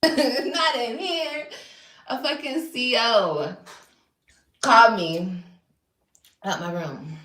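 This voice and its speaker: A woman in her thirties telling stories in an animated way, often laughing and mimicking others. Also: on the high side, drawn-out words, long pauses, roomy sound. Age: 30s. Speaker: YouTuber. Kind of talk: casual storytelling on a clip.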